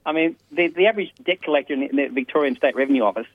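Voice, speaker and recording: A man rants fast down a tinny phone line, chuckling as he goes. His voice is mid-pitched and dry. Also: dry recording. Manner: rapid, ranting, laughs mid-sentence. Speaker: caller.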